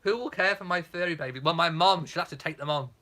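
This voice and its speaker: Theatrical, bright-voiced British man. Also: fairly high pitch, fast talker. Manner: camp, theatrical, self-mocking. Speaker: vlogger reading live chat. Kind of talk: casual live chat.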